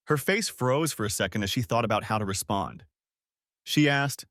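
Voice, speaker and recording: A man narrating a first-person story in a steady audiobook style. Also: medium pitch, moderate pace, no echo, clean studio sound.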